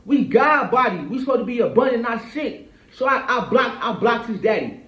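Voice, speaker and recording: A man's voice: extremely high pitch, expressive, normal speed. A man in his thirties venting in a casual, rambling monologue. He swears freely and keeps checking in with his listener. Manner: rambling, profane, keeps asking "you feel me". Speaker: vlogger. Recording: echoey dull lo-fi room.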